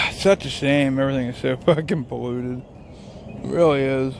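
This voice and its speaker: On a casual walking vlog filmed with a handheld phone at an outdoor lakeside rest area, a truck driver rambles, swears constantly and follows wandering thoughts. He speaks at a moderate pace in a gravelly mid-range voice with fairly even intonation. A little hiss or hum can be heard.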